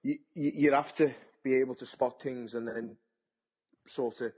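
A man's voice: medium pitch, fairly even intonation, moderate pace, a little mellow, breathy edge. A man, a boxer talking bluntly and chattily in an interview, often repeating his words. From England. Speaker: boxer and TV pundit. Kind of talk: casual interview.

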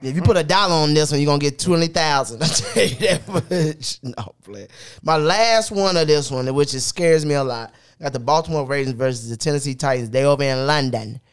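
A man with a slightly high, smooth and resonant voice runs a sports picks segment on a casual podcast. He talks in hyped, boastful banter and laughs a lot. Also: fairly quick, few pauses.

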